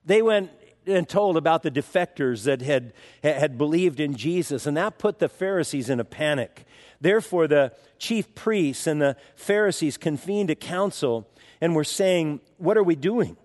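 A man's voice: a little high, lively intonation, normal speed, darkish tone, big-room sound. A man pastor giving an expository sermon in a conversational way, with wry asides.

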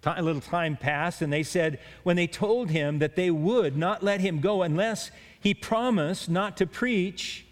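A man's voice: sits high, measured pace, hardly any pauses. A man preaching a sermon in an earnest way, with stumbling restarts and emphatic rises on key words. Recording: long hall reverb.

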